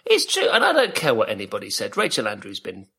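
English guy co-hosting a podcast, husky voice, jumps all over in pitch, jokey rambling. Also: fast talker. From England. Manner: animated, joking, rambling storyteller. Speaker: podcast co-host. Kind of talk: casual chat.

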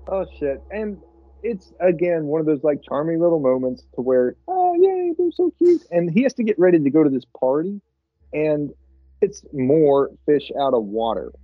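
A man on a movie podcast with a husky voice, tossing out sarcastic, profane asides. His mic sounds a bit dull and muffled, and the room is dry. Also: on the high side, expressive, moderate pace, no room sound. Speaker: podcast co-host. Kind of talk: casual movie-review chat.

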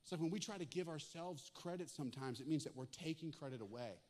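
A man preaching a sermon, animated and acting out comic asides with lively swings in energy. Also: on the high side, fast talker. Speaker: pastor.

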